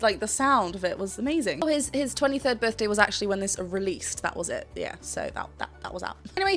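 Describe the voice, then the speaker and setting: A woman's voice: fairly high pitch, a bit bright. A woman with a British accent, a vocal coach chatting enthusiastically while analysing a singer and sometimes singing a phrase. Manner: enthusiastic and chatty, often sings short phrases to demonstrate. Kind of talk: reaction video with vocal analysis. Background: faint music from the video being reacted to.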